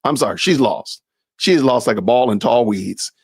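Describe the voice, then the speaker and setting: A man's voice: medium pitch, moderate pace, slightly rough, dry recording, studio quality. A man giving casual reaction commentary, incredulous and laughing, with folksy asides. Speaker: commentary streamer.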